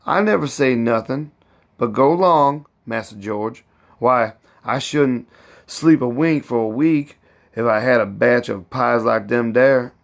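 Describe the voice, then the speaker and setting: A man's voice: medium pitch, creaky, a bit bright. A man reading aloud and voicing a proud, fussy older woman cook who scolds and boasts in heavy old Southern dialect.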